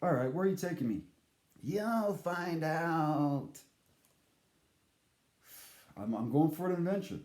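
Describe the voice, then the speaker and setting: A man telling a comic story to camera in a rambling, halting, deadpan way. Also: fairly high pitch, roomy sound.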